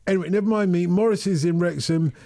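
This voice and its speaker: A man's voice: high-pitched, quick pace, dark tone. A man hosting a radio phone-in, chatting casually and rambling with frequent self-corrections.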